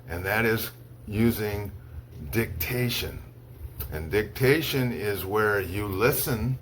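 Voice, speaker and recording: A man from the United States teaches English in a slow, unhurried voice, sounding out each word clearly. His voice sits fairly low, with faint noise behind him. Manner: slow, deliberate, repeats words one by one for dictation. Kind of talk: slow, clearly spoken ESL lesson.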